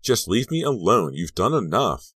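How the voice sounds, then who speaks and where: A sharp-tongued, hostile teenage girl, read by a man who snaps her words with sarcasm. The voice stays deep, with only a slight lift. The sound is close and dry. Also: brisk, no room sound. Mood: angry. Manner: snappish, sarcastic.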